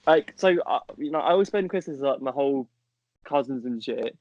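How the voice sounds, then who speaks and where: A man's voice: medium pitch, lively intonation, fairly quick, darkish tone. A man co-hosting a podcast in casual, jokey chat, often stumbling over and repeating his words. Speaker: podcast co-host. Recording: dull, slightly muffled audio.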